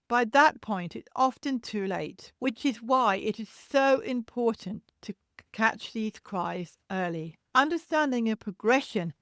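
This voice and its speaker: A woman hosting a solo parenting podcast, explaining baby cries in a gentle, reassuring teaching tone and imitating the cries to show them. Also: a little high, expressive, unhurried, dry recording, clean studio sound. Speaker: podcast host and childcare educator.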